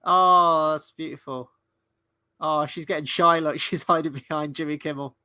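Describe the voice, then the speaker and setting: A man with a fairly high, bright, forceful voice talks through a live awards watchalong. He is chatty and excitable, swearing freely as he reacts. His voice sounds close and dry. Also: normal speed, clean tone, no room sound. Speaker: livestream host and movie reviewer. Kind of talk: casual live watchalong commentary.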